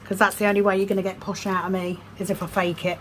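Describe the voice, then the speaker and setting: A woman chats casually on her vlog as she sorts craft supplies at home. She is self-deprecating and reads numbers out slowly under her breath. Her voice sits at a middle pitch, and a steady hiss runs underneath. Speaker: vlogger. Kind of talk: casual chat while sorting craft supplies. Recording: noisy background hiss.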